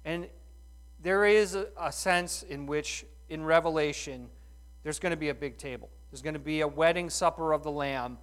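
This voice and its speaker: Middle-aged guy preaching a sermon, folksy, lots of rhetorical questions, kinda high voice. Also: normal speed, fairly bright tone. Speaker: pastor.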